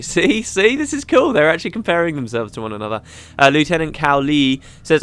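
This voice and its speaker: A man's voice: fairly high pitch, sing-song, fairly quick, fairly bright tone, no echo. A man hosting a let's play, chatting casually and reading game dialogue aloud. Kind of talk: casual gameplay commentary.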